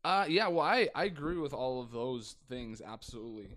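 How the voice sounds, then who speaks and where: Animated young man on a podcast. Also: mid-range voice, brisk, dry recording, clean studio sound. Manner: animated, jumps into exaggerated quoted reactions. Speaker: podcast co-host. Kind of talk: casual chat.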